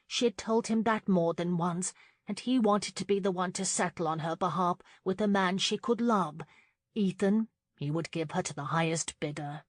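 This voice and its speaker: Clean studio audio with no echo carries a mid-range female voice narrating a romance audiobook. The scripted reading is measured and even, in a steady storytelling style.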